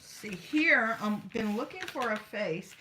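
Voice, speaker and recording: A woman's voice: fairly high pitch, lively intonation, slow pace, background noise. Chatty woman rambling while crafting. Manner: rambling, chatty, talks to herself while working. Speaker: craft vlogger. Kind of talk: casual crafting chat.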